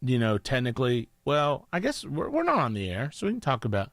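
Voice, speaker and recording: A young man co-hosting a casual show, joking and telling animated stories. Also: medium pitch, fairly quick, no room sound, studio quality. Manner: jokey, animated storyteller, breaks into impressions. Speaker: co-host. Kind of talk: casual banter.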